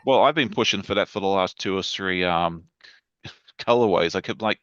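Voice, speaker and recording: A man's voice: sits low, normal speed, a bit bright, no room sound, dull audio. A man chatting as a guest on a livestream over a video call, enthusiastic and rambling. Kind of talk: casual livestream chat.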